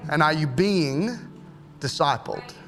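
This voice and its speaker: A man, preaching a sermon in a relaxed, joking way and acting out short quoted exchanges. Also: fairly high pitch, faint music behind. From Australia. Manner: conversational and jokey, acts out quick quoted exchanges. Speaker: pastor.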